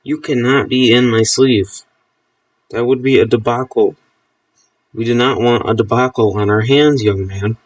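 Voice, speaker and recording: A man voicing an old retired coal miner from the 1890s who speaks in a slow, formal, scolding way. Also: mid-range voice, steady tone, recorded from a distance, close to an everyday voice. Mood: stern.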